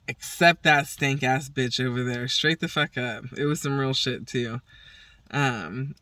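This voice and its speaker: A woman hosting her own podcast rambles through a story in casual chat, swearing freely and acting out everyone's lines. Her voice is extremely low, slow and fairly bright, recorded dry with no room sound but far from the mic.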